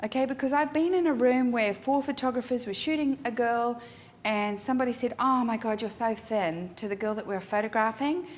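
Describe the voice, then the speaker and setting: A woman's voice: a little high, fairly quick. A middle-aged woman photographer teaching a workshop in her studio, speaking frankly and emphatically. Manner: frank, emphatic, animated storyteller. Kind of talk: instructional talk to a class. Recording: long hall reverb with faint noise.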